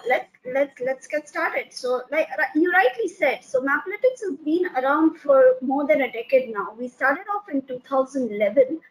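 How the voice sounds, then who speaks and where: A woman with a high voice speaks as a guest on a business webinar. She talks haltingly, with frequent fillers and repeated words as she gathers her thoughts. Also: rough recording. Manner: hesitant, many filler "uh"s and restarts. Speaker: company founder and CEO, guest. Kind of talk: webinar panel talk.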